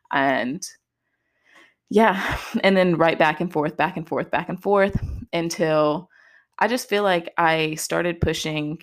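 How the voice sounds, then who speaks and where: A woman's voice: sits low, fairly even intonation, normal speed. A young woman telling a personal story on a podcast in a casual, chatty way, full of "like" and "just". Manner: chatty, heavy use of "like" and "just". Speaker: podcast host.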